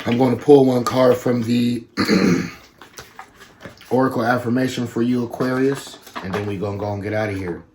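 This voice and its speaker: A man giving a casual tarot reading to his viewers, talking slowly and repeating himself, with bits of slang. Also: fairly low pitch, noisy background. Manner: slow, repetitive, conversational with slang. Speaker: tarot reader.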